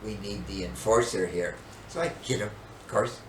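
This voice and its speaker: An older man and podcast co-host, telling a story in casual chat with an animated, dramatic manner. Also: fairly low pitch, moderate pace. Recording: echoey room, distant mic, faint noise.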